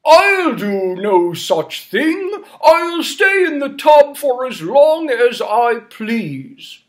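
A man's voice: very high voice, sing-song, very slow, pitched above the performer's own voice, full character voice. A man doing a stubborn, jolly old king. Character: stubborn old king who won't leave his bath.

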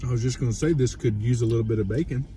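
A man's voice: mid-range voice, very fast, dark tone, a little hiss or hum. A man chatting casually while eating on camera, easygoing and prone to rambling lists. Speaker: co-host.

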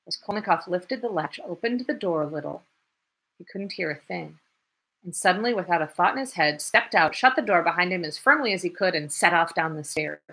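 A woman reading a classic novel aloud in a measured narrating voice. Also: fairly low pitch, lively intonation, pushed and bright, husky. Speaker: audiobook reader.

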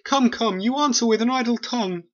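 A performer voicing a worried queen mother in an amateur animated play, reading the verse plainly. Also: medium pitch, brisk, lo-fi sound, close to an everyday voice. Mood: scolding.

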